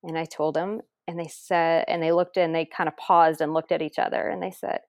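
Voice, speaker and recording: A woman's voice: low voice, flat delivery, fairly quick, hardly any pauses, a little mellow, no echo, studio quality. A woman guest in an interview, earnestly recounting a personal story and re-enacting what others said, audibly emotional.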